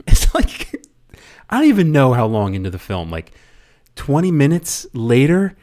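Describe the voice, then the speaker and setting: A man's voice: mid-range voice, very animated, a little slow, darkish tone. A man reviewing a movie in a casual rant, rambling and often stumbling over and repeating his words.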